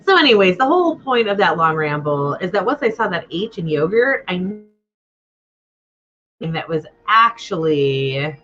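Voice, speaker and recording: Playing through a game, a woman from the United States rambles and talks to herself in a chatty let's play style. Her voice is fairly low and a bit bright, sing-song and unhurried, and the recording sounds dull.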